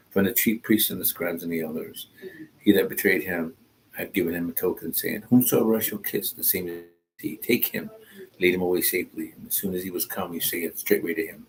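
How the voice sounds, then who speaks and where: A man's voice: sits low, a little hiss or hum, low-quality recording. A man reading a Bible passage aloud, stopping often to add informal comments of his own. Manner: reads slowly and pauses to comment, informal asides. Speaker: Bible teacher.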